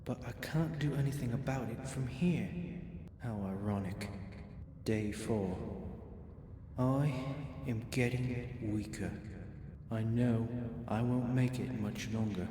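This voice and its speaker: A man voicing a trapped, injured miner reading his last diary entries in a slow, grim, resigned way. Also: mid-range voice, dark tone, slight background noise, close to an everyday voice. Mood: grim, despairing. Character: dying trapped male miner writing a diary. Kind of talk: voiced game diary reading. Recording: roomy game audio with long reverb and music.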